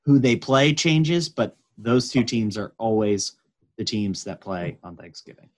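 A young man co-hosting a podcast, chatting excitedly and playfully with lots of fillers. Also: fairly low pitch, measured pace, no echo. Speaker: podcast co-host. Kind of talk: casual sports chat.

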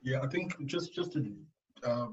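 A middle-aged man from Africa speaking thoughtfully in a panel discussion, pausing with fillers. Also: medium pitch, lively intonation, dull audio. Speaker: panel guest. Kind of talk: casual discussion.

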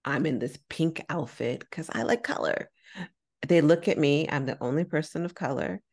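A woman co-hosting a podcast, telling a personal story in a casual, animated way, acting out quoted dialogue and using slang. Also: low-pitched, normal speed. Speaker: podcast co-host.

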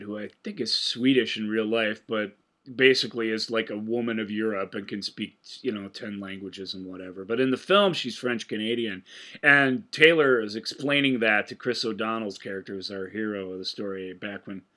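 A man's voice: lowish voice, bright, forceful tone. A man co-hosting a movie podcast, chatting casually and telling rambling stories with frequent laughs. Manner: rambling, storytelling, laughing often. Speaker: podcast co-host. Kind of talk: casual chat about movies.

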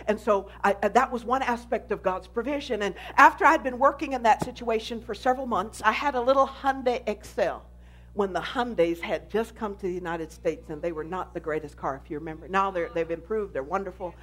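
A woman pastor giving an animated sermon testimony, telling her story with emphasis. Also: mid-range voice, fairly quick.

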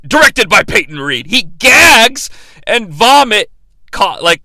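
A man's voice: high voice, big pitch swings, moderate pace, pushed and bright, no room sound. A man hosting a movie review show and ranting without a script, profane and emphatic. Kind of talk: unscripted rant-style review.

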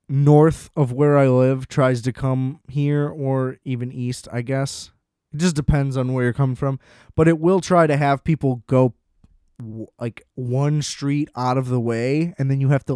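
Young adult man, casual comedic monologue. Smooth voice, dry room sound, sardonic rambling delivery. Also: mid-range voice, dark tone, dry recording. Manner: rambling, sardonic, self-deprecating. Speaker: solo storyteller. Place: small room at home.

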